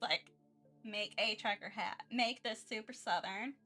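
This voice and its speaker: A woman's voice: mid-range voice, unhurried, sharp tone, soft background music. A woman streamer chatting casually during her art livestream, rambling with many restarts and frequent giggles.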